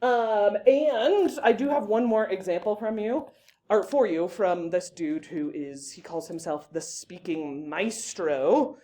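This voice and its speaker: A woman teaching a public speaking class in a lively, chatty way, often breaking off to direct her students. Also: medium pitch, takes it slowly. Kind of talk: casual classroom lesson.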